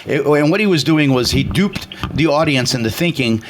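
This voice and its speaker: A man's voice: a little high, lively intonation, normal speed. A man hosting a casual political talk radio show, telling stories in a rambling, opinionated way with lots of fillers.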